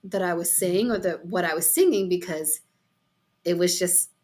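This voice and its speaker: A middle-aged woman hosting a podcast, telling a personal story in an expressive, heartfelt, chatty way with frequent exclamations. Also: on the low side, normal speed. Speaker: podcast host. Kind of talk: heartfelt casual conversation.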